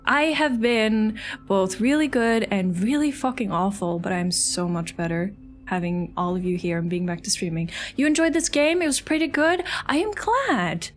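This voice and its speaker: A young woman live-streams a game, talking to her viewers in a loose, excitable way. She swears freely and keeps thanking people by name. Faint game music plays softly behind her voice, which sits at an ordinary middle pitch. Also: normal speed. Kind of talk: casual live-stream chatter while playing.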